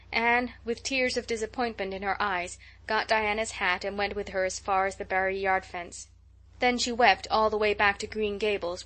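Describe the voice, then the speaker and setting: Audiobook narrator, woman, mid-pitched, steady expressive read.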